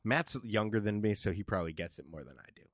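A man co-hosting a podcast, trading dry, deadpan jokes and quick reactions in casual chat. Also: lowish voice, dry recording. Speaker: podcast co-host.

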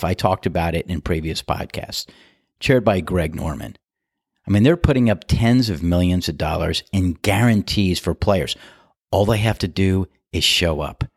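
A middle-aged man with a fairly low voice delivers sports commentary on his podcast. He is opinionated and emphatic, letting his pitch leap on words he wants to stress. The sound is close and dry, with no room around it. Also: breathy edge, no echo. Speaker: podcast host.

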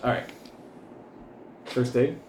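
A man's voice: slow, reverberant, background noise. A man narrating as game master of a tabletop role-playing game, often laughing as he talks.

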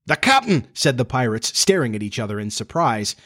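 A man narrating a children's storybook in a steady, measured reading voice. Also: lowish voice.

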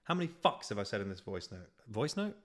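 Talking fast with big swings in pitch, a lowish-voiced British man hosts a podcast and unleashes an exasperated, self-mocking rant full of swearing. It's recorded on a podcast microphone.

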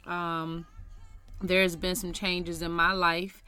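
Bright-toned earnest woman podcast minister. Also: on the low side, little pitch movement, takes it slowly, clean tone. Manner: earnest, faith-filled, conversational with fillers and scripture quotes. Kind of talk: devotional podcast talk with scripture reading.

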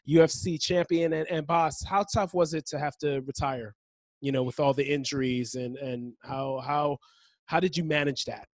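A man with a slightly high voice hosts an interview on a dry, close mic. He keeps up a steady stream of short agreements and asks his questions in a friendly way. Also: moderate pace, no room sound. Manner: supportive, frequent short affirmations. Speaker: podcast host.

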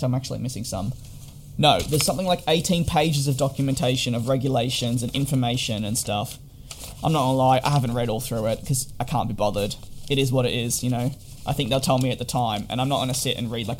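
A man's voice: medium pitch, darkish tone, a little hiss or hum. Rambling man, casual vlog. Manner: rambling, wry storytelling with frequent fillers. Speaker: vlogger. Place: hotel quarantine room.

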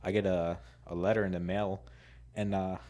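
A man's voice: low-pitched, level tone, moderate pace, mellow. A man co-hosting a podcast, telling a story in a rambling way with lots of "like"s and acted-out quotes. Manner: rambling, many "like"s, laughs a lot, acts out quotes. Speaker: podcast co-host. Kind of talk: casual storytelling chat.

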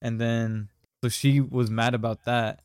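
A young man hosts a podcast, rambling through a story in casual chat packed with slang and fillers. His medium-pitched voice is level, unhurried, darkish and smooth, with no echo.

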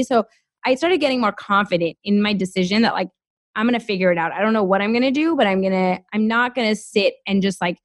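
A woman in her thirties talks through her story as a podcast guest, animated and full of fillers. Her pitch sits in the middle of the range for a woman. She is recorded close and dry, with no room sound. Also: fast, no room sound. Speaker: guest, former lawyer. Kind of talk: casual podcast conversation.

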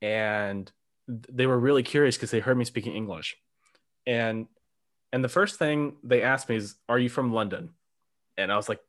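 A man hosting a podcast interview. He talks in a relaxed, curious way and often says "um.". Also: medium pitch, moderate pace. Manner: relaxed and curious, with "um" and light laughs. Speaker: podcast host. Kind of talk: casual interview chat.

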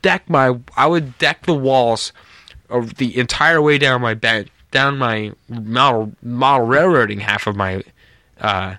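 A man's voice: mid-range voice, a little slow, dry recording, clean studio sound. A man from North America co-hosting a podcast, chatting casually and telling rambling stories. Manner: rambling storyteller, lively when telling stories. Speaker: podcast co-host. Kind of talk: casual chat.

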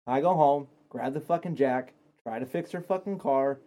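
A man telling a story on a casual home podcast, swearing constantly and getting animated as he goes. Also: medium pitch, moderate pace. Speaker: streamer's partner. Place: home stream office.

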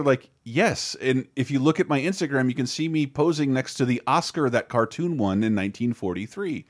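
A man with a mid-pitched voice chats on a podcast. He speaks with enthusiasm and often stumbles over repeated words as he restarts. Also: lively intonation, fairly quick, hardly any pauses. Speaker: podcast co-host. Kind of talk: casual chat.

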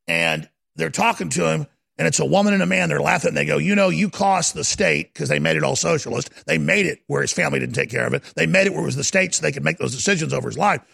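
Fiery male commentator with a raised, gravelly voice; urgent, repetitive rant. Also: on the high side, lively intonation, fast, few pauses, fairly bright tone. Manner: ranting, urgent, repetitive and dramatic. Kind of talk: impassioned monologue.

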